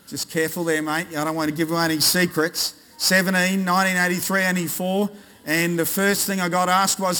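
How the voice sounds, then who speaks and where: Australian male pastor, bright high voice, playful with the congregation, sermon in a long-echo hall. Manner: jokey, quizzes the congregation. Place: large church hall. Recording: reverberant church hall.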